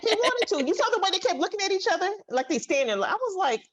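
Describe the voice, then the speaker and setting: A woman in a casual recap chat, weighing things out in a measured way. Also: extremely high pitch, very animated, lo-fi sound.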